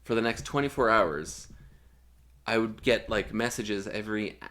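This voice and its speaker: A young man, a guest musician, tells a long and profane story in a relaxed conversation, packed with fillers and side remarks. His voice is fairly low and slightly bright, moving at a moderate pace.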